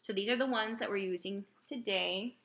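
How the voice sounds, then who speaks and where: A woman teaching a language lesson slowly and patiently, sounding out example phrases carefully and pausing on fillers. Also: mid-range voice, a bit bright. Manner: slow, deliberate, with many fillers. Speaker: Spanish teacher.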